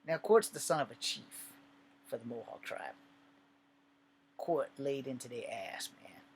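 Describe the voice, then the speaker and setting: Forties guy telling a story, swears a lot, keeps correcting himself, mid-pitched voice. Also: animated, a little slow, creaky, a little hiss or hum. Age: 40s. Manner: profane, rambling, self-correcting. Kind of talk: casual storytelling.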